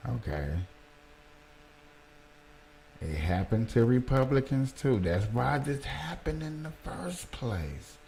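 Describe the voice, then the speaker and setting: A man hosting a livestream, reacting to a clip and talking slowly and emphatically to his chat. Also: medium pitch, sing-song, creaky, dark tone, a little hiss or hum. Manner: slow, emphatic, talks to chat, jokes. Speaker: livestream host. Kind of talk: casual commentary on a played clip.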